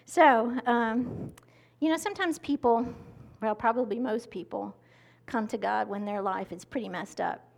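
Woman, pastor, sermon, slightly high voice, gravelly, close mic, conversational. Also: a little slow. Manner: conversational, animated teaching with acted-out quotes. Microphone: mic held close to the mouth.

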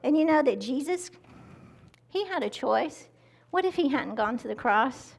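A woman's voice: high-pitched, lively intonation, unhurried, vocal fry. A woman preaching a conversational sermon, close to the mic, acting out quotes as she teaches. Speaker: pastor. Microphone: mic held close to the mouth.

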